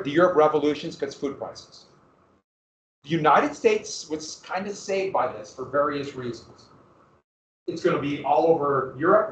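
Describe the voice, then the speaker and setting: A man teaching a history class in a classroom, lecturing lively and often asking his students questions. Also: a little high, slight background noise. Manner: lively, asks the class questions, restarts phrases. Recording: roomy, distant, dull classroom recording.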